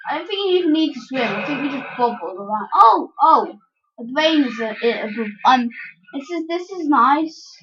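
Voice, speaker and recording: A woman commentating a game in a casual let's-play, excitable, with yelps and giggly outbursts. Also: sits high, normal speed, muffled recording, a little hiss or hum. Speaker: gameplay commentator.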